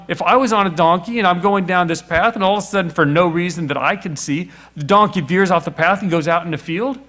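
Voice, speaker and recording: Man, middle-aged, high-pitched, sermon storytelling, playful rhetorical questions. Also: a bit bright. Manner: storytelling, acts out voices, asks rhetorical questions. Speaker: preacher.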